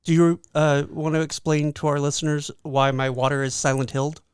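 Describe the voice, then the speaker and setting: A man co-hosting a horror podcast, dropping wry deadpan quips in casual chat. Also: a little high, fairly quick, soft background music. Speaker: podcast co-host.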